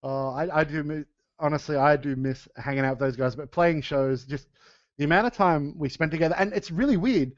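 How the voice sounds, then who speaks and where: A man's voice: on the high side, brisk, dry recording. A man chatting casually on a podcast, laughing often and restarting his sentences. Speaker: podcast co-host and metal band singer. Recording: dull lo-fi sound.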